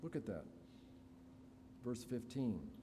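Slow-speaking male preacher in a hall. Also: mid-range voice, big pitch swings. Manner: slow, deliberate preaching with dramatic pauses. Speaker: pastor. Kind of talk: expository sermon. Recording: reverberant hall, faint room noise.

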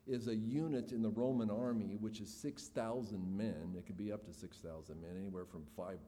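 A man's voice: lowish voice, fairly even intonation, a little fast, mellow. Man preaching in a reverberant hall. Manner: earnest expository preaching, rising emphasis on key points. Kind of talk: sermon.

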